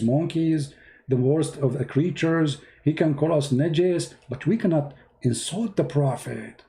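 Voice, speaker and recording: A man's voice: mid-range voice, a little slow, warm tone. A man giving mocking, emphatic religious commentary in non-native English, full of sarcasm. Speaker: religious debater.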